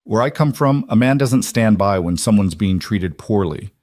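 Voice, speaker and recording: A man voicing a polite, soft-spoken young cowboy who talks in a courteous, measured way. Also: on the low side, lively intonation, no echo, clean studio sound. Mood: earnest. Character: polite, steady young cowboy, new in town.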